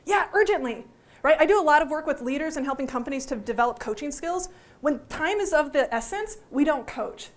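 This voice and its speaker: Woman, high voice, workshop teacher, lively, jokes, quizzes the audience. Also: brisk. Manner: lively, joking, asks the audience questions. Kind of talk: interactive workshop talk. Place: conference room before a live audience.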